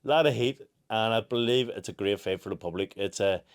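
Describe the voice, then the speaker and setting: A young man with a Northern Irish accent, telling stories in casual podcast chat, swearing freely and laughing loudly. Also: fairly low pitch, fairly quick, smooth, no room sound, studio quality. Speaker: podcast co-host, boxer.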